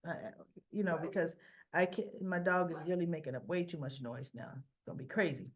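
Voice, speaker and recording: A woman hosting a casual soap opera recap vlog, retelling scenes in an animated way with quoted lines. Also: lowish voice, brisk, highs cut off.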